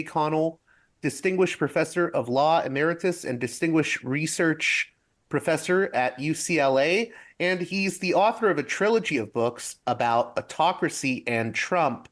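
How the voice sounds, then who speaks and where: A man hosting a podcast interview, introducing his guest in a conversational way with frequent fillers. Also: a little high. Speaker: podcast host.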